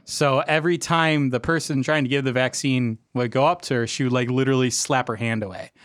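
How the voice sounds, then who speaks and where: A young man co-hosting a casual beer-tasting chat, telling stories in an animated way and laughing often. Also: medium pitch, brisk, smooth, no room sound. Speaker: podcast co-host. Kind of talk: casual chat over beers.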